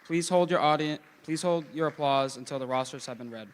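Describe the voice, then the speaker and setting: A man announcing at an awards ceremony in a formal, measured way, reading out a team roster. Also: on the high side.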